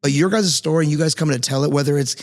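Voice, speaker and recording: A man with a slightly high voice races through a casual interview podcast he hosts. He's a martial arts instructor who talks earnestly, rambling with lots of restarts and fillers.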